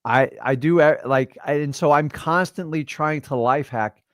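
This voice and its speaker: A man's voice: a little high, moderate pace, no echo, studio quality. A man in his fifties hosting a livestream, giving casual motivational talk and addressing listeners directly in a preachy way. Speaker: livestream host.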